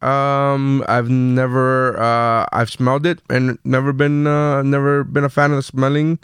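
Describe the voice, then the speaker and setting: A man's voice: medium pitch, level tone, measured pace, fairly bright tone, clear, resonant tone, no echo, studio quality. A man in casual podcast chat, rambling with many fillers and restarts and swearing freely. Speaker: podcast co-host, comedian.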